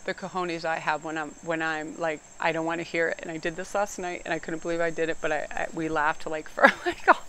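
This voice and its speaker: A middle-aged woman, giving a casual, animated tarot reading outdoors and sometimes getting loud and emphatic. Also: low voice, fairly quick, hardly any pauses, clear, resonant tone. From New England. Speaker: tarot reader.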